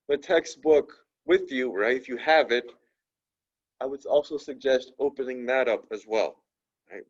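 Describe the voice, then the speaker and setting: A man teaching a French lesson, constantly checking in with "right?" and slowly repeating French words for students to copy. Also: medium pitch. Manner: tags sentences with a questioning "right?". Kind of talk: classroom lesson. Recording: dull lo-fi recording.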